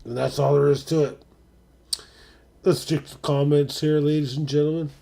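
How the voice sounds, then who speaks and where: A man hosting a live stream, talking casually and profanely, dropping to mutters and then rising to excited shouts. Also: a little high, normal speed, vocal fry.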